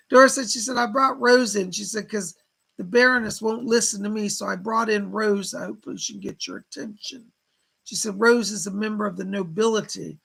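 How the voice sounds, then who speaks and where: Male psychic medium, very gravelly, raspy, live-stream reader. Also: high-pitched, fairly bright tone, low-quality recording. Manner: relays spirit messages as quotes, thanks donors by name.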